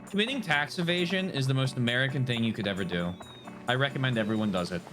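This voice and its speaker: Bright-voiced joking game streamer man. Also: medium pitch, fast, faint music behind. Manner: joking, playful asides. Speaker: streamer playing a game live. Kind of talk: casual live gameplay commentary.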